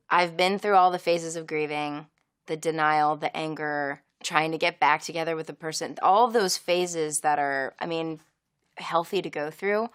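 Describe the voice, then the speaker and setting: A woman's voice: sits low, a bit bright, smooth, no room sound, studio quality. A young adult woman and songwriter talking openly in an interview, confessional and casually profane as she explains her own song. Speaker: singer-songwriter. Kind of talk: candid interview talk.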